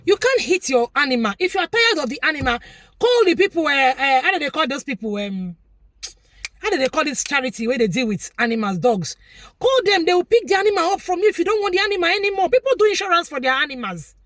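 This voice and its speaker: Talking fast, a Nigerian vlogger preaches to her viewers in a commentary monologue, repeating lines to drive her points in. Her high voice swings up and down with lively emphasis, recorded close and dry with no room sound.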